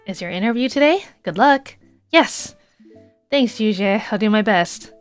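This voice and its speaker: A woman's voice: mid-range voice, lively intonation, unhurried, clear, resonant tone, faint music behind, lightly acted. A woman voicing a friendly young woman who cheers a friend on. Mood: cheerful. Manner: upbeat, encouraging.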